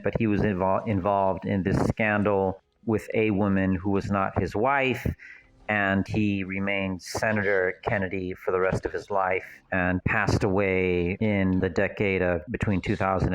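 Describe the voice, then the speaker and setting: A man's voice: sits low, fairly even intonation, normal speed, rough recording. A man giving a casual, digressive audio commentary on a film, thinking aloud as he goes.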